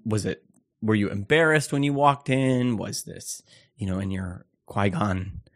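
Brief: male pastor co-hosting a podcast, fairly low voice, enthusiastic, meandering with lots of uhs. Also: unhurried. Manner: eager, rambling, lots of fillers and laughs. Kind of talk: casual chat.

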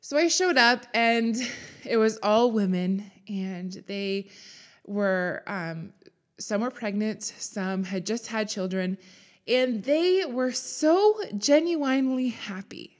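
A woman's voice: on the high side, expressive. Candid young woman telling her story. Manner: candid, emotional, with laughs and quick asides. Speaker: podcast guest sharing her story. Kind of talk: personal storytelling.

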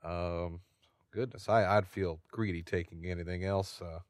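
A man's voice: deep voice, steady tone, moderate pace, no room sound, studio quality. A man playing a tabletop game in character, polite and hesitant, often restarting his sentences. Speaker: player. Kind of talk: in-character tabletop role-play.

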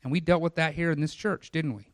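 A man preaches a sermon in a fairly high voice, recorded close and dry. He builds his voice up through long lists, then drops it low and quiet. Along the way he turns to the congregation with casual asides. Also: quick pace, no room sound. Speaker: pastor.

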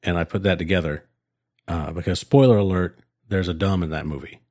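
Speaking a little fast, the man has a low, slightly mellow voice as he chats casually on a podcast he co-hosts, rambling with many fillers and restarts. There's no room sound, just clean studio audio.

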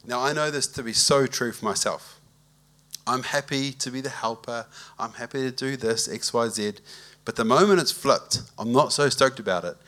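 At medium pitch and a moderate pace, a pastor preaches conversationally. He tells an unhurried story and requests a show of hands from the congregation.

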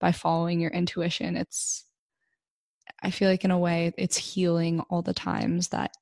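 A woman with a low, gravelly voice full of vocal fry chats casually, her pitch staying flat. She trails through fillers as she thinks aloud. The sound is dry and close. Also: normal speed, dry recording. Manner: chatty, many fillers like "like" and "um". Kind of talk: casual podcast chat.

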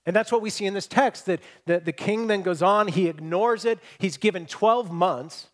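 A man preaching a sermon as pastor, telling stories, shifting between loud emphatic points and quiet, hushed lines. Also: high-pitched, moderate pace, hardly any pauses. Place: church hall with congregation.

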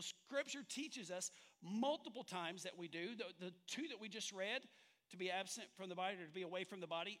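A man with a high, light voice delivers a sermon in a church sanctuary. He speaks conversationally, quizzing the congregation and cracking jokes as he teaches. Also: a bit bright. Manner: conversational, engages the congregation with questions and humor. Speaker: pastor.

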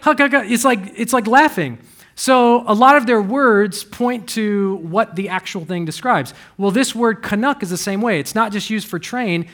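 High-voiced animated male preacher. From United States. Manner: animated preaching, swings from quiet to loud. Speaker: pastor. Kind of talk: sermon.

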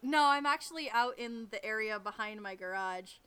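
A woman's voice: a little high, moderate pace, bright, forceful tone, smooth. A woman from the northern United States co-hosting a casual chat podcast, giggly and full of fillers. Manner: giggly, lots of fillers and laughter. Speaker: podcast co-host. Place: outdoors behind a garage.

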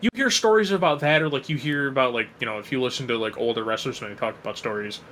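A man's voice: medium pitch, fast, a bit bright, slight background noise. A man co-hosting a casual podcast chat, talking bluntly with swearing and lots of filler words. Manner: blunt, swearing, heavy use of "like". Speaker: podcast co-host.

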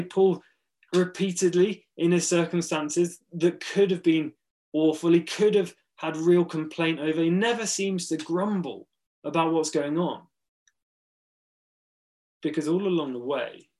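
A man preaching a sermon. He speaks earnestly and with emphasis, pausing between short phrases. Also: on the high side, darkish tone.

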